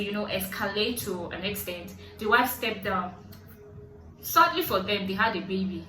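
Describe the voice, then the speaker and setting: Nigerian lady vlogging, bright sharp voice, acting out the quotes loud and high, kinda far off in a roomy echo. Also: moderate pace, soft background music. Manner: acts out quotes with sudden high-pitched outbursts. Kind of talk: animated storytelling. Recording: echoey room, voice set back from mic.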